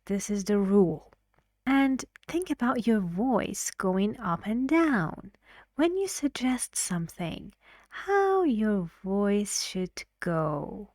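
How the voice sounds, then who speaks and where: A woman's voice: medium pitch, animated, slow pace, a little mellow, dry recording, clean studio sound. A woman teaching an English pronunciation lesson, explaining patiently and asking the learners questions.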